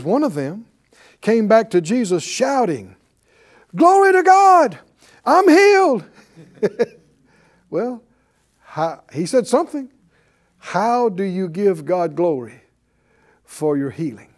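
A man preaching a sermon, asking his congregation questions and acting out shouts of praise. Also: high-pitched. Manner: animated, calls out to the congregation and acts out shouts of praise.

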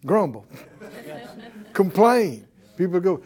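A man's voice: high voice, very animated, takes it slowly, darkish tone. A man preaching a sermon, who keeps quizzing his listeners with "Huh?". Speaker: preacher and Bible teacher.

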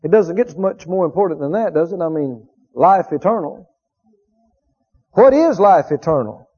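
Male preacher, high voice, emphatic and repetitive delivery, muffled lo-fi sound. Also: animated, a little mellow, breathy edge. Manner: emphatic, repeats key phrases, drawn-out quotes of scripture. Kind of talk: sermon. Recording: dull lo-fi recording.

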